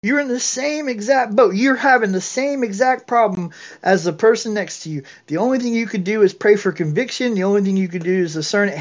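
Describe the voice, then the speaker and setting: A man's voice: sits high, fairly quick, few pauses. Earnest, preachy man on a muffled call. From Georgia, US. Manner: earnest, preachy, with restarts and acted-out quotes. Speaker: bible study participant. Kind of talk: impassioned sharing in an online bible study.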